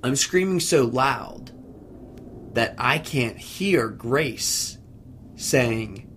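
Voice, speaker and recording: Lively, laughing man telling a story. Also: medium pitch, very slow, long pauses, slight background noise. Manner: animated, laughs through his own story. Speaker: podcast co-host. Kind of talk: casual chat, storytelling. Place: video podcast set.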